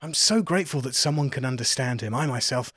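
A man's voice: medium pitch, fast, fairly bright tone, husky, no room sound, clean studio sound. A man voicing a genial, courteous male inventor in hiding in a tabletop game. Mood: polite. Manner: courteous, fussy and polite.

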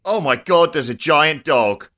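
Bright, jokey man. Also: on the high side, expressive, unhurried. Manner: playful, jokey. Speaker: player. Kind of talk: tabletop role-play chat.

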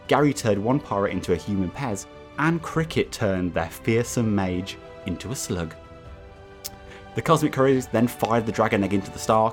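A chatty man hosting a tabletop game as game master, reading a recap. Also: on the low side. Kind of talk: casual chat and scripted recap narration. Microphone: webcam setup.

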